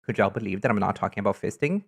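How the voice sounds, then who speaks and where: A woman streamer in casual live-stream chat, talkative and teasing, answering chat messages with sudden high, loud exclamations. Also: racing, creaky, husky. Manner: chatty, reacts to chat messages with loud teasing jumps in pitch.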